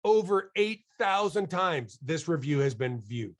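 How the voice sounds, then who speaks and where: A man's voice: a little high, a little slow. Upbeat man presenting a marketing webinar. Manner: energetic and enthusiastic, joking with the audience. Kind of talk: lively presentation to a live audience.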